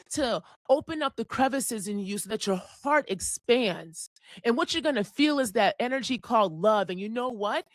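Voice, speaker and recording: A woman's voice: a little high, fairly bright tone, dry recording. A woman in her forties gives a passionate astrology forecast, preaching with a lot of swearing. She sounds close to tears at times. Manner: fiery, preachy, profane, near tears. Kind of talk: impassioned forecast monologue.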